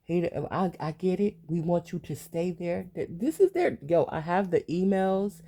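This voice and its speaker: A woman's voice: fairly low pitch, lively intonation, normal speed, warm tone, a little hiss or hum. A woman hosting her own podcast, venting in a heated, profane monologue full of repeated rhetorical questions. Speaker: podcast host. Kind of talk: solo ranting monologue.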